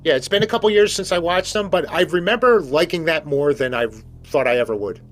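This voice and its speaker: A man's voice: on the high side, fairly quick. A man hosting a podcast, casual and joking, with wry asides. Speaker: podcast host.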